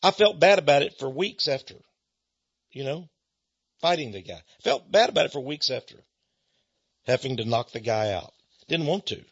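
Man, husky bright voice, swooping lively delivery, storytelling sermon, slightly dull lo-fi recording. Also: mid-range voice, normal speed, pauses often. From Texas, USA. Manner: animated, chuckling storyteller. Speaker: Christian speaker.

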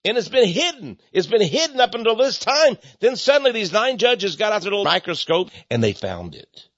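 A ministry speaker preaches a sarcastic, mocking monologue, laughing scornfully as he goes. His voice is high-pitched, sing-song, fairly quick and fairly bright, captured in a dull, lo-fi recording with no echo.

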